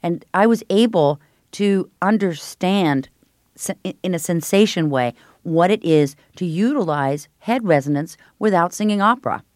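An animated, middle-aged woman who teaches voice, explaining her technique in a fairly low speaking register. She is recorded close up on a dry microphone with no room sound. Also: moderate pace, no echo. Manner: animated, explanatory, breaks into sung vowels. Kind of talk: interview answers with vocal demonstrations.

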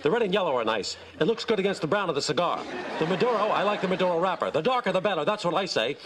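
A man's voice: high voice, lively intonation, rapid-fire, crowd noise, background noise, voice pushed up. A man voicing a big, blustery older baseball boss who rambles on and drifts off topic in a sitcom. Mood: rambling. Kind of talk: sitcom acting.

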